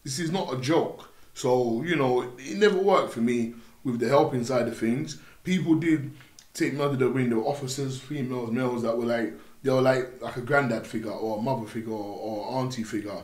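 A young man with a London accent talks through his stories in a relaxed podcast chat. His voice sits at an ordinary middle pitch, and he acts out other people's voices as he goes. The room sounds roomy, with a little echo. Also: fairly quick. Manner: animated storytelling, acts out voices in his anecdotes. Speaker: podcast guest.

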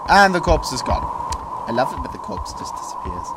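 A young man commentating on a horror game, sarcastic and jumpy, shouting when startled. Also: fairly high pitch, big pitch swings, fairly quick, noisy background. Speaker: gameplay commentator.

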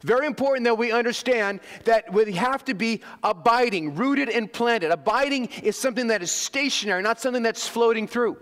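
Man, pastor, sermon, high voice, emphatic, reverberant church hall. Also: fairly quick, few pauses, fairly bright tone. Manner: emphatic preaching with call-and-response asides.

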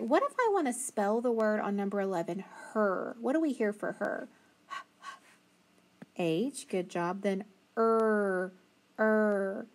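Patient and encouraging, a female teacher slowly sounds out letters for young children in a phonics lesson and praises their answers. She speaks at medium pitch, with slight background noise.

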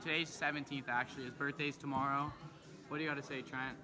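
A man's voice: medium pitch, flat delivery, fast, music in the background. A young man from Canada vlogging casually on his phone outdoors, rambling and laid-back with plenty of slang. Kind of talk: casual vlog chat. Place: outdoors and in a car. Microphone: phone camera at arm's length.

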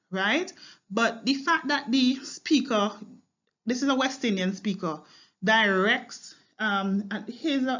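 A woman's voice: a little high, fairly bright tone, lo-fi sound. A woman teaching a line-by-line poetry analysis lesson, explaining as she goes with fillers and frequent "right?" and "okay?" checks.

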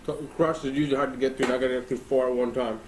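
A man's voice: medium pitch, steady tone, very fast, a little mellow, echoey room, poor audio. A man doing a food challenge on camera, hyped and joking, with playful boasting. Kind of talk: casual vlog commentary.

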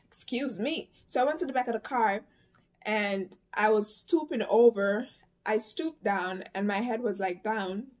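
A young woman tells a story to her vlog camera. She talks casually and with spirit, full of slang and cussing, and breaks into quick quoted lines. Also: on the high side. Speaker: vlogger.

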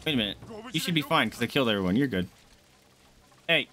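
A man streaming a game, chatting casually and shouting and swearing at enemies, with game music behind. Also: medium pitch, quick pace. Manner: excitable, yelling and swearing at enemies. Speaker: gaming streamer. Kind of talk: casual let's-play commentary.

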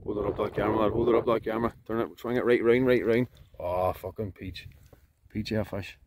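A Scottish man fishing outdoors by a loch, giving excited, sweary commentary and shouting to a friend across the water. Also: fairly low pitch, a little fast, noisy background. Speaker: fishing vlogger.

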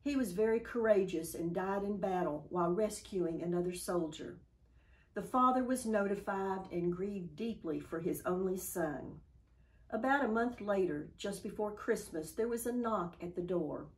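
A woman giving a church devotional, reading a story aloud in a calm, measured way. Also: medium pitch, low-quality recording.

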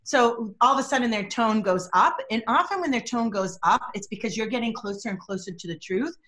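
Middle-aged woman, body language expert, lively emphatic storyteller, chatty podcast guest. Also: a little high, brisk. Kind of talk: podcast interview.

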